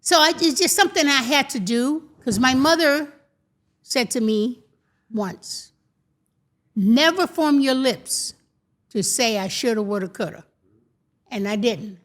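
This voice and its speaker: A woman's voice: high-pitched, animated, normal speed, fairly bright tone. An older woman telling stories in an interview, acting out the voices of the people in them. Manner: acts out quoted voices while telling stories. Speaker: guest. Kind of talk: animated storytelling.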